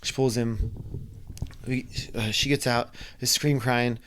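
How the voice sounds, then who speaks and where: A man's voice: medium pitch, steady tone, takes it slowly, a bit bright. A man casually telling a long story, rambling, repeating words and acting out the quotes.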